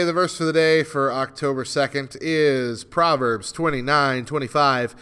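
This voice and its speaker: A man's voice: mid-range voice, fairly even intonation, a little slow, sharp tone, clean tone. A man hosting a solo morning radio show, ranting in an exasperated, self-mocking way, with a dry throat. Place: radio studio.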